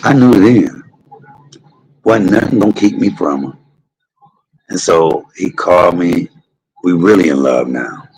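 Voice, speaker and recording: A middle-aged man, talking to his live stream audience in a low, husky voice. His voice has a gravelly edge, and he tells candid, salty stories, acting out the other people's lines in animated voices. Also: measured pace, long pauses, low-quality recording. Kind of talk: casual storytelling to a live audience.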